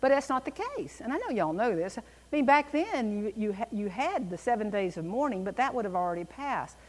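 A woman teaching a Bible class in an animated, emphatic way, with a reverberant room around her. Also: fairly high pitch, brisk.

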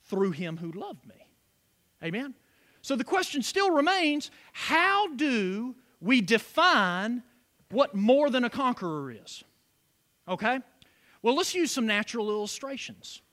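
A man's voice: extremely high pitch, very animated, measured pace, a bit bright. A man preaching a sermon as pastor, with call-and-response asides to the congregation.

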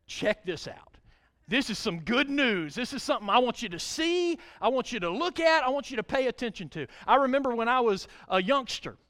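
Middle-aged male pastor, animated sermon delivery, high and very expressive pitch. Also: fairly quick. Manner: animated preaching, swells loud on scripture and emphasis.

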